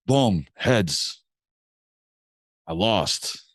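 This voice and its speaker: A man's voice: fairly low pitch, animated, drawn-out words, no echo. A man from Massachusetts, a music producer, telling a story in a slangy, laid-back way on a podcast. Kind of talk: casual storytelling interview.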